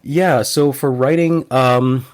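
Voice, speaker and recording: A man's voice: medium pitch, steady tone, slow. A man, a guest teacher on a podcast interview, earnestly giving advice and often repeating words as he restarts.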